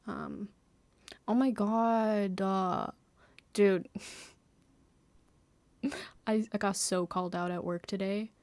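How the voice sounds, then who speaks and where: A woman's voice: medium pitch, fairly even intonation, slow pace, pauses often, a little mellow, no echo. A young woman chatting casually on a live stream from home, rambling, giggling and mocking herself, sometimes dropping to a whisper.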